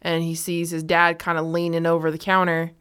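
A woman's voice: on the low side, monotone, brisk, a bit bright, clear, resonant tone. A woman co-hosting a podcast, listening in a laid-back way and offering ideas. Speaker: podcast co-host. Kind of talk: casual chat.

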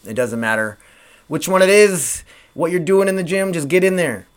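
A podcast host from Grand Forks, North Dakota, rambles through a casual solo episode, swearing and making fun of himself. His voice runs on the high side, animated and smooth, at a moderate pace.

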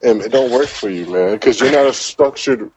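A man's voice: mid-range voice, moderate pace, a little mellow, slight background noise, poor audio. A man in casual hip-hop talk, opinionated and emphatic, with plenty of swearing.

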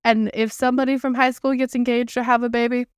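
Brief: twenties woman co-host, brightish higher pitch, casual, storytelling, dry close sound. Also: little pitch movement, quick pace, clean tone, no echo. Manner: chatty storyteller, laughs often, casual swearing. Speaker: podcast co-host. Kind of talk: casual chat.

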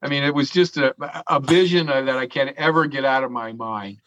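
A man's voice: medium pitch, normal speed, a bit bright. Profane, chuckling male storyteller, lo-fi. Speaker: interview guest telling a story. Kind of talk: casual storytelling.

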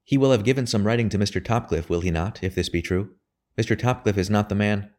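A man's voice: fairly low pitch, fast talker, darkish tone, natural voice. A man reading aloud, voicing an anxious young woman who speaks breathlessly and in a near whisper. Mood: hushed, earnest. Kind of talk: audiobook character voice.

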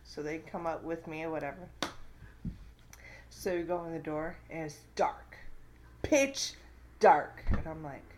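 A woman's voice: low-pitched, normal speed, pauses often, noisy background. A woman in casual chat, playfully recounting a prank from her side. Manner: lively, playful storytelling.

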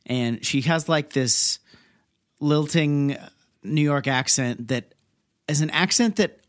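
A man co-hosting a podcast in casual movie review chat, easygoing and quick to agree. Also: fairly high pitch, no room sound, clean studio sound. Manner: easygoing, frequent agreeing "yeah". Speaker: podcast co-host.

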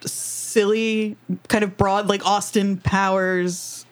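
A woman's voice: medium pitch, little pitch movement, slow, rough recording. A woman co-hosting a podcast in casual, playful chat. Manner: playful, laughs often. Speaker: podcast co-host.

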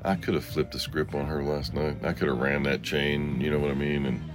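A man hosting a solo podcast in a rambling, confessional way. He swings between low murmurs and sarcastic outbursts, and he answers listener comments. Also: little pitch movement, a little fast, over music. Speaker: podcast host.

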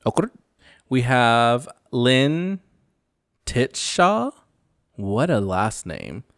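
A man's voice: medium pitch, big pitch swings, slow pace, no echo, studio quality. A man hosting a casual recap podcast, talking in a blunt, sassy way and swearing freely. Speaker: podcast host.

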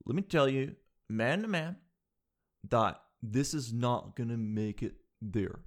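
A man's voice: medium pitch, lively intonation, takes it slowly. A man doing a laid-back dude postal clerk. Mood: dismissive. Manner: casual, calls everyone "dude".

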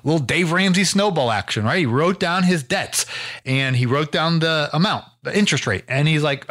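A man's voice: medium pitch, normal speed, a bit bright. A man from the United States hosting his own podcast, telling a story in a casual, rambling way with lots of fillers and restarts. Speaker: podcast host.

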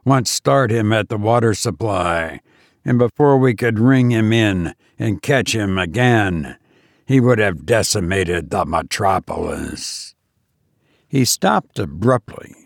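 A man narrating a classic story as an audiobook, in a measured, expressive way. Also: on the low side, creaky, no echo, clean studio sound.

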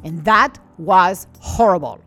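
A woman's voice: lowish voice, slow pace, fairly bright tone, faint music behind. A woman in an indignant, scolding rant to camera, with slightly non-native English phrasing. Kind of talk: ranting monologue to camera.

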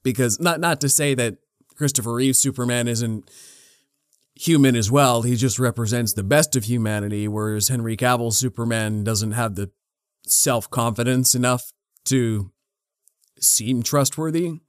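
Earnest man debating films, smooth voice. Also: medium pitch, no room sound, clean studio sound. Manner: earnest, animated, puts on quick voices when quoting. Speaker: podcast co-host. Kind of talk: casual film debate.

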